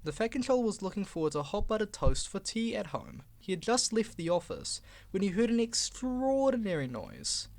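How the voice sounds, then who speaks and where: A man reading a children's storybook aloud in a lively, expressive way. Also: high voice, normal speed, creaky, few pauses. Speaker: reader.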